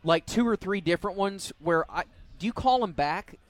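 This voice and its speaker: A man's voice: high-pitched, animated, normal speed. A man hosting a radio talk show, chatting casually and laughing often as he tells a story. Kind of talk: casual chat.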